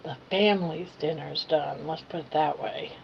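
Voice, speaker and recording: A woman's voice: low-pitched, normal speed, gravelly. An older woman hosting a casual home livestream, chatting to viewers and cooing to her pet in between. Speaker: livestream host. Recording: dull lo-fi home stream audio with faint hiss.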